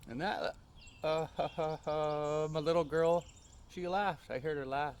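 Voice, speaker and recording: A man telling a personal story in a calm, unhurried way, often ending lines with a tag question. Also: a little high, a little hiss or hum.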